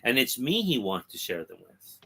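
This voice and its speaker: A man reading a young woman's comic dialogue aloud in a plain, husky voice. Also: medium pitch, very animated, normal speed, sharp tone, exaggerated voice. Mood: quiet. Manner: plain reading, with little change of voice. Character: wistful young woman rejecting her lover.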